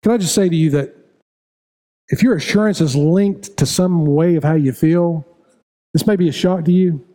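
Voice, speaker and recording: A man's voice: on the high side, normal speed, mellow. A middle-aged man preaching a sermon as pastor, building to raised, repetitive appeals to his congregation. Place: church sanctuary.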